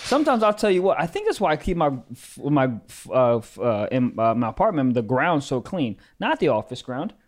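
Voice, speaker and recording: Excitable young man, bouncy high voice. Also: brisk, hardly any pauses. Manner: excitable, goofy, profane. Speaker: podcast co-host. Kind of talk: casual chat.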